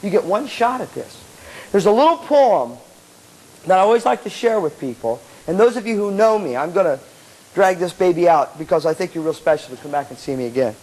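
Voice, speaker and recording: Animated, high-voiced man giving a seminar. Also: a little fast, low-quality recording. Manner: animated and playful, acts out the inner voice, blunt, swears. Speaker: motivational speaker to student band members. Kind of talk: live motivational seminar talk. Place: hall with a student audience. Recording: 1985 live cassette tape with faint audience and hiss.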